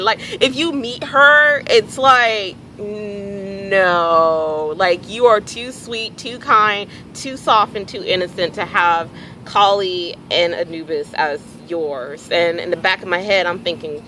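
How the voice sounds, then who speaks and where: Bright-voiced woman telling a story. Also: mid-range voice, slow pace, slight background noise, poor audio. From Houston area, Texas. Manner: animated, acts out dialogue, swears freely. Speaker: vlogger. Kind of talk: casual storytelling monologue.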